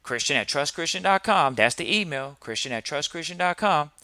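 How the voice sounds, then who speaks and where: A male podcast host delivers a preachy monologue full of rhetorical questions. His voice is sharp and forceful and sits fairly high. It sounds dry and close. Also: animated, fairly quick, no echo. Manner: emphatic, fires rhetorical questions.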